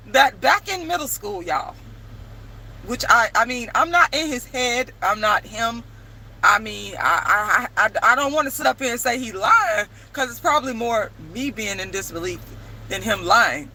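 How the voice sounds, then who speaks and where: A woman telling a story to camera in a casual vlog, animated and emphatic, swearing freely. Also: fairly high pitch, moderate pace, a little hiss or hum, poor audio. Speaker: vlogger and playwright.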